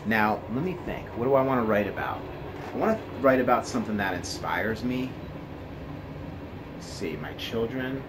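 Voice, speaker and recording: Low-voiced male teacher counting syllables. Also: lively intonation, noisy background. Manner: slow, counts syllables aloud, talks to students. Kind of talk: classroom lesson video. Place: indoors, near a passing train.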